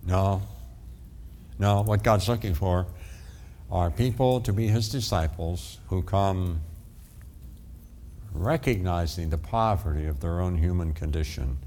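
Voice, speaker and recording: An older man, a pastor, delivering an earnest sermon with dramatic pauses, telling stories and then praying. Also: deep voice, darkish tone, a little hiss or hum.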